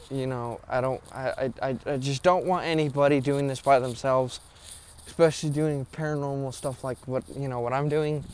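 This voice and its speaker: A young paranormal vlogger talks to the camera alone in a cemetery at night, nervous and rambling, swearing often and short of breath. His voice is medium-pitched and smooth, in casual vlog style.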